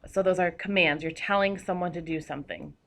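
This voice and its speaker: A woman's voice: fairly low pitch, a little fast, a bit bright. A woman teacher giving a recorded grammar lesson, explaining patiently with a few fillers.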